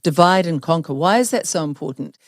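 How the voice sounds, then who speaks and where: A woman's voice: lowish voice, animated, fairly quick, no echo, clean studio sound. A New Zealand woman hosting an interview, talking in an earnest, emphatic way and asking her guests to agree. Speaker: host. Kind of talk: conversational interview.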